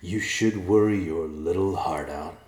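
A man voicing a menacing messenger who threatens slowly and coldly. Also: deep voice, a little mellow, echoey room. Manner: threatening, slow, clipped. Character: menacing male messenger, cold killer.

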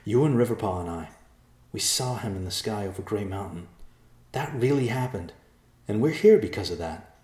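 A man's voice: on the low side, animated, moderate pace, a little mellow, roomy sound, lightly acted. A man voicing an earnest young bear in a storybook reading, pleading for peace.

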